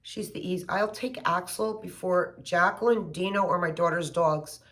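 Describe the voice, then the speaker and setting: A middle-aged woman chatting casually and gushing with excitement as she unboxes gifts for her vlog. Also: lowish voice, moderate pace. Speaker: home fragrance vlogger.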